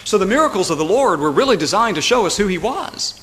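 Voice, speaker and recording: A man with a notably high voice preaches a sermon, driving his points with emphasis and frequent "right?" asides. His voice rings through a long, reverberant hall. A faint hush of room noise sits underneath. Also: very animated, fast talker. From United States. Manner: emphatic, rising to loud climaxes, asks "right?" often. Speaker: pastor.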